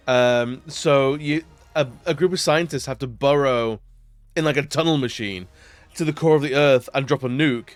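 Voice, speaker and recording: A man's voice: mid-range voice, normal speed, no echo. Rambling, laid-back streamer guy. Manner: rambling, lots of fillers, laughs often. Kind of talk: casual chat while gaming on stream.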